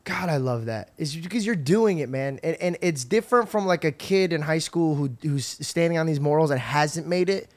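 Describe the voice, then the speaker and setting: A male podcast host talking in an effusive, excitable way, swearing casually in a relaxed chat. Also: a little high, moderate pace, few pauses. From grew up in a Middle Eastern culture.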